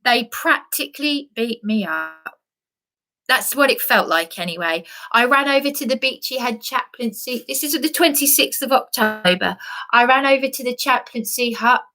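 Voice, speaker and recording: A woman's voice: on the high side, normal speed, pushed and bright, slight background noise. A woman delivering an agitated vlog rant, repeating and restarting herself for emphasis. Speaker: vlogger. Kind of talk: emotional monologue rant.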